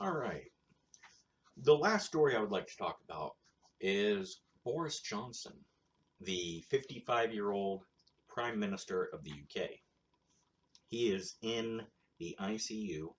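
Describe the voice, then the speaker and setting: A man hosting his own show, rambling through casual solo commentary in a blunt, crude, sarcastic way. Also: lowish voice. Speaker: show host.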